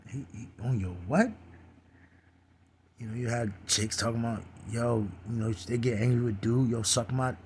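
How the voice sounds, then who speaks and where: A man's voice: mid-range voice, breathy edge. A man giving a casual religious talk in a streetwise, profane way, full of "you know" fillers.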